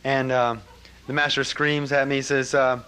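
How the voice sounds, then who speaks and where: A man telling a personal story to an audience, animated, with frequent laughter and trailing fillers. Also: mid-range voice, normal speed, clean tone. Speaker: speaker recounting a memory. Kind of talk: personal anecdote to a live audience.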